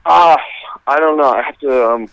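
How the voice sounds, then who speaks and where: A man's voice: mid-range voice, gravelly, a bit bright, dry recording. A man calling in to a show, chatting casually and rambling with lots of fillers and restarts. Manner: rambling, halting with many fillers. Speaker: caller. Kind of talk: casual chat. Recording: dull lo-fi phone line.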